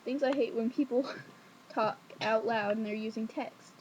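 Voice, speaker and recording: A young woman vlogging from home at night, telling a childhood story in a rambling, sassy, animated way. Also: a little high, measured pace, slight background noise. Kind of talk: casual storytelling to camera. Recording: dull lo-fi webcam audio.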